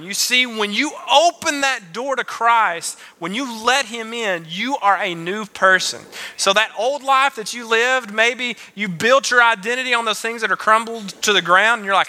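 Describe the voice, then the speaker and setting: A man in his late twenties giving a youth sermon, his high voice sharp and very bright. He talks casually, cracking jokes and throwing in playful asides between scripture readings. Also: moderate pace. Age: late 20s. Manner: joking, conversational, playful asides. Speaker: youth pastor.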